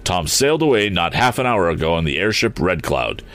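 A man's voice: deep voice, very animated, fairly quick, fairly bright tone. A man doing an aged, indignant inventor. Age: older. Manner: flustered and indignant. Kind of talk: audiobook character voice.

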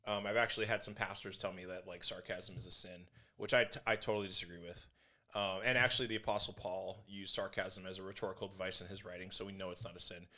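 Bright-voiced middle-aged man, playful storyteller. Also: low voice, quick pace. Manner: animated storyteller, playful and self-mocking. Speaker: podcast co-host. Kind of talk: casual chat.

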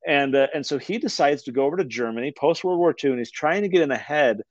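A man's voice: on the high side, expressive, quick pace, no echo, muffled recording. A man who writes books, a guest on a podcast, explaining his ideas in an earnest way and telling stories to make his points. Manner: earnest, storytelling, uses fillers. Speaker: author and guest. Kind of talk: conversational interview.

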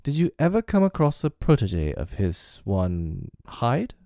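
A man's voice: mid-range voice, wildly swooping pitch, measured pace, dark tone, dry recording, studio quality, voice pushed up. A man reading aloud, voicing a reserved, sober lawyer in a storybook reading. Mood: grave, sober.

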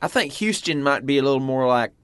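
Man from Oklahoma, casual chat, rambling, bright forceful voice, dry close mic. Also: mid-range voice, animated, fast talker, clean tone, no room sound. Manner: rambling, trailing off, many fillers.

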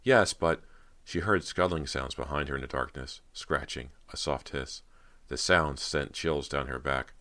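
Extremely deep-voiced male audiobook narrator. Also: steady tone, moderate pace, pushed and bright.

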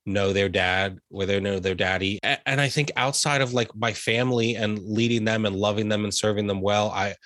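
A man's voice: lowish voice, little pitch movement, normal speed, hardly any pauses, fairly bright tone, no echo, clean studio sound. A young man from the USA, a realtor guest talking earnestly in an interview and getting emotional about family. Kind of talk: heartfelt interview conversation.

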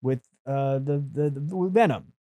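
A man telling stories as a podcast guest, animated and profane, acting out the people he quotes. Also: medium pitch, moderate pace, no room sound. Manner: animated, swears freely, acts out quotes. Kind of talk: casual storytelling.

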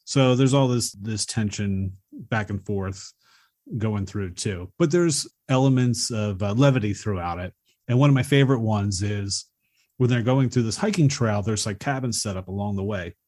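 Male co-host, low voice, loose rambling film recap. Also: moderate pace, darkish tone. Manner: rambling, retells scenes with acted quotes. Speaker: podcast co-host. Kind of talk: casual movie discussion.

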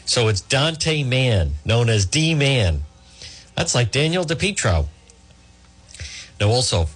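Male talk-radio host, husky, animated, emphatic. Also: mid-range voice. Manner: animated, emphatic, mocking voices of opponents. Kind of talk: political talk radio monologue.

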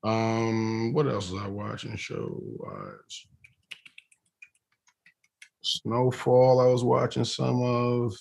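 A man's voice: mid-range voice, expressive, very slow, creaky, pauses often, a little mellow. A man being interviewed as an actor, chatting casually and rambling with many restarts and fillers.

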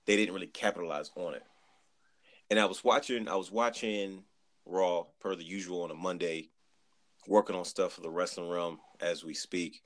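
A man chatting on a podcast, telling an animated story, acting out quotes and repeating words as he goes. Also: low-pitched, normal speed. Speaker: podcast guest. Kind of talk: casual chat.

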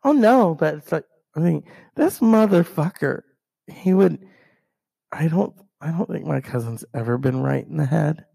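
A man with a gravelly, fry-laden voice rants about family grudges in a solo podcast monologue. His tone is mellow and dark, and he swears constantly. He acts out other people's lines as he tells the story. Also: fairly high pitch, measured pace. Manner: profane, heated ranting. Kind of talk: ranting personal storytelling monologue.

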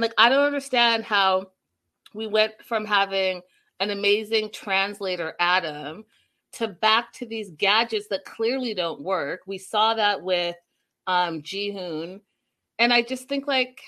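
A woman's voice: medium pitch, slow. Chatty woman recapping a show live. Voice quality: chatty, animated storytelling with quoted voices. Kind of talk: casual recap chat with viewers.

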